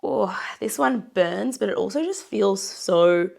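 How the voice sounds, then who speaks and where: A hoarse, run-down young woman leading a pilates workout with a raspy voice, encouraging and counting reps as she cues each breath. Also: medium pitch, expressive, unhurried, darkish tone. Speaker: pilates instructor. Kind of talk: guided workout instruction.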